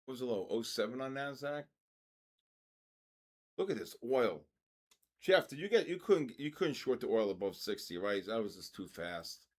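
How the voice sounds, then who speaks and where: Excitable older man calling live market moves. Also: mid-range voice, moderate pace, pauses often. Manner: excitable, exclaiming at price moves. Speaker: trading livestream host.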